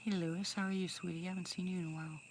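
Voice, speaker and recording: A woman's voice: on the low side, flat delivery, racing, background noise. A woman casually chatting with livestream viewers, greeting them by name and calling out whoops. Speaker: livestream host talking to viewers. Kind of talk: casual live chat outdoors. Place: outdoors in woods at night.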